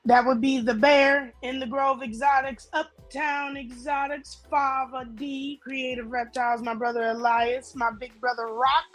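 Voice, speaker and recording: A woman host chatting casually and directly with her viewers in a relaxed, slangy way, speaking into a headset. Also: sits high, measured pace, few pauses, faint music behind, rough recording. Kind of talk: casual livestream chat.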